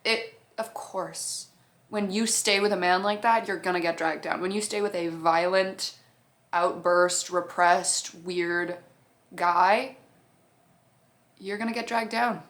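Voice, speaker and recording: A woman's voice: lowish voice, steady tone, takes it slowly, fairly bright tone. A woman talking casually to her camera about a TV show, swearing freely and acting out what the characters said. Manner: profane, chatty, acts out characters' lines. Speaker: TV show reviewer.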